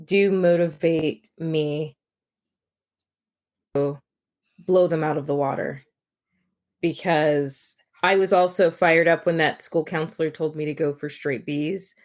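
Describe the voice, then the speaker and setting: A woman's voice: deep voice, steady tone, slow, long pauses. A woman co-hosting a podcast, reacting emphatically in casual conversation. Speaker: podcast co-host, mental health professional.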